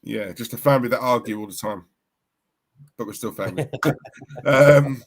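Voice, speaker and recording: A man's voice: medium pitch, normal speed. A man co-hosting a live football watchalong, chatting in slangy banter with the viewers and his co-host. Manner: chatty, banter-heavy, slangy, laughs a lot. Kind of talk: casual live-stream chat.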